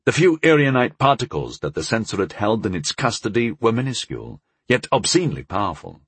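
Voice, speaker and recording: A male narrator with a low, husky voice reads a first-person fantasy tale, his pitch rising and falling widely as he tells it. The sound is dry and close, with no room around it. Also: a little fast, no echo. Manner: expressive storytelling. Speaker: audiobook narrator.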